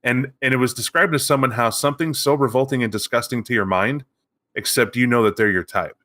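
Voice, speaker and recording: A man's voice: mid-range voice, fairly quick, pushed and bright. A man co-hosting a podcast, telling a tabletop game story in a casual chat and acting out the characters. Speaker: podcast co-host.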